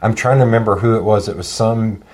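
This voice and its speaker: A man with a fairly low voice chats as a guest on a podcast. He tells stories in a relaxed, easygoing way. He often pauses to search for names as he talks. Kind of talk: casual chat.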